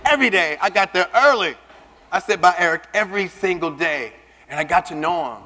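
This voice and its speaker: A man's voice: sits high, a little fast. Man speaking in an echoing hall. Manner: lively storytelling, acting out dialogue. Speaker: keynote speaker. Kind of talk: storytelling speech to an audience. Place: large conference hall. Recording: long reverb of a big hall.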